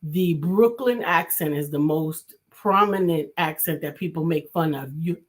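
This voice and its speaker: A woman's voice: deep voice, a little slow. A woman from New City, co-hosting a casual talk show and thinking aloud as she speaks. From New York City. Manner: reflective, thinks aloud with restarts. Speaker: co-host, coach.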